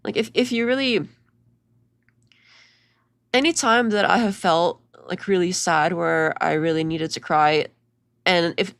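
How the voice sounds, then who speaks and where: A young woman talks through clips in a loose, sarcastic commentary. Her voice has a gravelly edge and sits close and dry on the mic, with no room sound around it. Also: lowish voice, no echo. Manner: chatty, mocking, full of "like" and restarts. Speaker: commentary video host.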